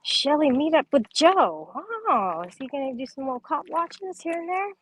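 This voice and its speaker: A woman's voice: high voice, sing-song, normal speed, fairly bright tone, low-quality recording. A young woman chatting casually on a livestream, reading viewer comments, laughing often and swearing freely.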